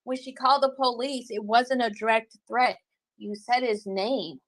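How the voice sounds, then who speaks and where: A woman livestreaming and reading her chat, talking bluntly with lots of cursing and quick laughs. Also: on the high side, no echo. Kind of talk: casual livestream commentary.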